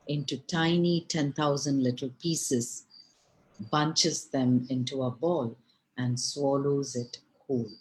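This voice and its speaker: A woman storyteller telling a folk tale in an unhurried, expressive way, with asides to her listeners. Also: extremely low pitch, low-quality recording.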